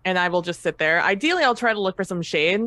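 A woman's voice: fairly low pitch, animated, quick pace, pushed and bright, no echo. Brash swearing woman at a game table. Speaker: player. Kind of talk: tabletop role-play chat.

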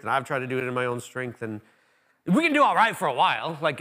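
A man's voice: a little high, sharp tone. A man preaching a conversational sermon as pastor, with frequent fillers and restarts.

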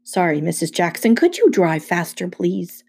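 Lady reading as a jumpy satyr teen, half goat, defensive, mellow rough voice. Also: lowish voice, very animated, normal speed, heavily acted. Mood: uneasy. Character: jittery teenage satyr boy, half goat.

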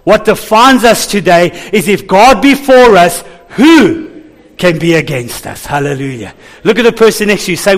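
High-voiced pastor preaching to his church. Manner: calls out to the congregation for responses. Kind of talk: sermon.

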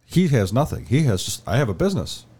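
A man's voice: medium pitch, sing-song, fast talker, warm tone, husky. A man co-hosting a podcast, telling a story in casual chat and acting out the quotes. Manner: rambling storyteller, acts out quotes. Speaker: podcast co-host.

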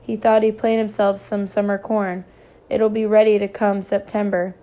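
A big, calm man speaks quietly and gently, as a woman reading a novel voices him. The voice stays flat and even. The pitch is mid-range. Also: moderate pace, natural voice. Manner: quiet, gentle, urgent when warning.

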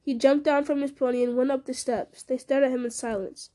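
Brief: high-voiced woman narrator, brisk storybook reading. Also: steady tone, warm tone. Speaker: audiobook narrator.

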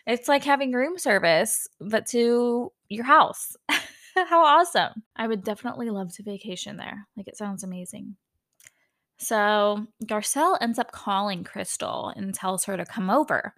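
A woman's voice: medium pitch, expressive, normal speed, a bit bright. A woman hosting a solo podcast, recapping a reality TV episode in a chatty, giggly way with lots of "like". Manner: chatty, laughs often, lots of "like". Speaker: podcast host. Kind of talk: casual solo TV recap chat.

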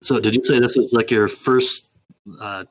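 A man's voice: mid-range voice, fairly even intonation, moderate pace, a crowd in the background, poor audio. A man hosting a casual chat, asking short, interested questions.

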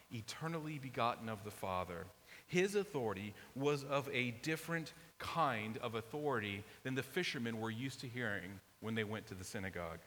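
A man's voice: mid-range voice, a bit bright. A man preaching a sermon in an emphatic, conversational way. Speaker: pastor. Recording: long reverb, faint hiss.

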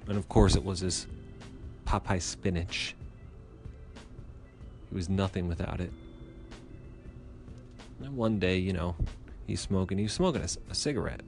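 A man's voice: low-pitched, moderate pace, pauses often, darkish tone, soft background music. A man telling a rambling, profane comic story with chatty asides.

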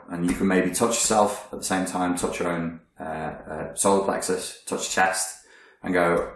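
A man's voice: low voice, little pitch movement, moderate pace, a little hiss or hum. A man coaching listeners on their emotions in a blunt, profane, emphatic self-help monologue. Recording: very echoey room.

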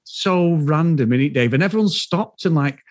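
A fairly high-voiced man chatting with enthusiasm, his voice swooping up and down between chuckles. Recorded close with no room sound. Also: animated, normal speed, no room sound. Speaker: podcast co-host. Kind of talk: casual film review chat.

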